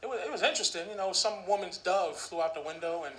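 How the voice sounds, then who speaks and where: Profane high-voiced stand-up comedian. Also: male voice, fast talker, fairly bright tone. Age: 30s. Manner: profane, conversational, mumbled asides. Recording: echoey club recording with noise.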